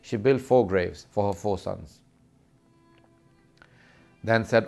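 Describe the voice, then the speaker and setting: Gravelly man telling a mournful sermon. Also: fairly low pitch, slow pace, long pauses, a little mellow, faint music behind. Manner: grieving, lamenting recital. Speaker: speaker.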